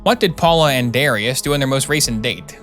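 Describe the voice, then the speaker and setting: A sarcastic middle-aged doctor, voiced by a man in his everyday voice. His delivery is dry and mocking, and he pitches his jokes flat and deadpan at a medium pitch. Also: fairly quick, faint music behind, natural voice. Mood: sardonic.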